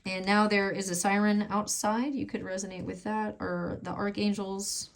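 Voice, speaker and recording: Woman, tarot reader, casual, rambling, heartfelt, mid pitch. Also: fairly even intonation, normal speed, vocal fry. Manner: meandering, emotional, thinking aloud.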